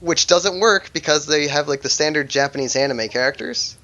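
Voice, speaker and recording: A young man co-hosting a casual gaming podcast, animated and swearing as he laughs his way through stories. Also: fairly high pitch, moderate pace, lo-fi sound. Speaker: podcast co-host.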